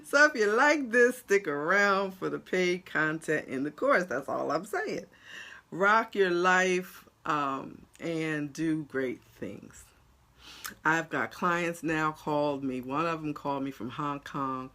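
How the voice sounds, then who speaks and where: A New Jersey life coach with a local accent chats casually on a livestream, her fairly low voice taking its time. She's blunt and animated, speaking straight to viewers and laughing often.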